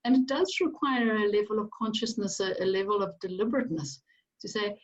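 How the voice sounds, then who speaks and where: Soft-spoken South African woman author. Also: mid-range voice, fairly quick. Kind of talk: reflective conversation. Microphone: video call. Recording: distant dull video-call audio.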